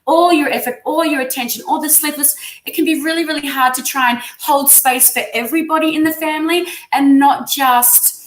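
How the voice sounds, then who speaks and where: Australian woman, high voice, gushing live-stream tarot reader, echoey room. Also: fairly even intonation, a little fast, hardly any pauses. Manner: effusive, encouraging.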